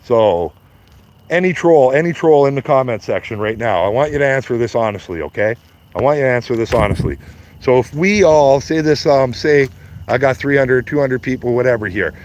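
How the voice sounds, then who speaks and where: A man's voice: mid-range voice, animated, a little fast, a little mellow. A Canadian man in his fifties ranting on a live stream, blunt and profane, mocking his critics and laughing at his own jokes. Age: 50s. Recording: slightly dull lo-fi stream audio.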